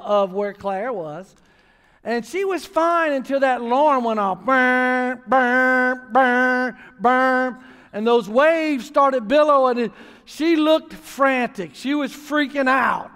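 Male pastor, very high-pitched, emphatic storytelling sermon, echoing sanctuary. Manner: storytelling preacher, builds to emphatic near-shouting. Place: church sanctuary. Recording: long reverb of a large church hall.

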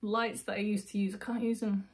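A woman's voice: mid-range voice, level tone, fairly quick, a little mellow, slight background noise. A woman reading tarot for her viewers in an intuitive, emotional way. She thinks aloud, breaks off mid-sentence and adds little asides as the cards come to her. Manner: emotional, intuitive, self-interrupting. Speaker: tarot reader.

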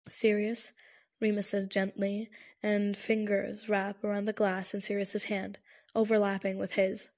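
A woman narrating an audiobook with a steady, measured reading. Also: medium pitch. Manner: steady, measured reading with present-tense prose.

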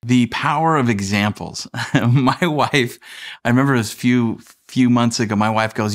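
A man's voice: mid-range voice, moderate pace. A man in his thirties preaching a sermon as pastor, talking conversationally with fillers and asides.

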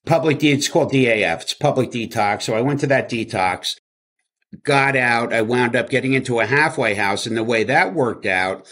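A man from New Jersey tells his own story in an interview. His speech is candid and rambling, full of fillers, restarts and quoted bits of old conversations. His voice sits at an ordinary middle pitch. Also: normal speed, a bit bright. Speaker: interview guest. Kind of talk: casual storytelling.

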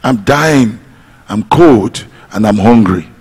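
A man voicing a dying snake that begs for help and later shows no remorse, with a husky voice. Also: fairly low pitch, animated, slow pace, darkish tone, big-room sound, voice pushed down, full character voice. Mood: pleading. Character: pitiful dying snake, later cold and treacherous.

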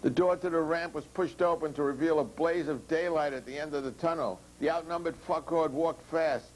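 Man reading crude fiction deadpan. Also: a little high, fairly quick, slight background noise, rough recording. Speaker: author reading his own fiction. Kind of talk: reading a novel chapter aloud.

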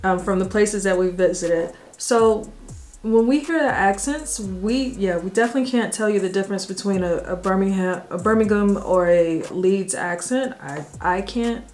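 A woman's voice: mid-range voice, normal speed, darkish tone. An American woman co-hosting a family Q&A, reading out viewer questions and answering them in an easygoing way. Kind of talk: casual Q&A chat.

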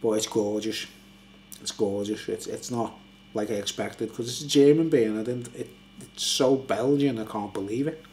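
A man's voice: fairly low pitch, moderate pace, a little mellow, slight background noise. An older man, a little tipsy, rambling and laughing as he reviews a beer late at night at home. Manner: rambling, chatty, laughs often.

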